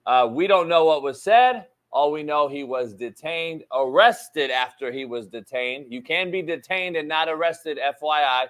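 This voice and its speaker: A man's voice: a little high, normal speed, few pauses. Emphatic, swearing sports talk host man. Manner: animated, emphatic, swears casually, repeats key points. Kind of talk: live sports talk commentary.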